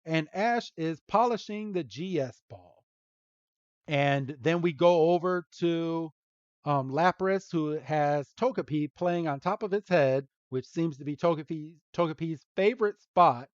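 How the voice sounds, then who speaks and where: A man's voice: a little high, a little slow, no echo. A man hosting a podcast, recapping a cartoon episode in a loose, rambling way and chuckling often. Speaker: podcast host. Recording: dull lo-fi dry sound.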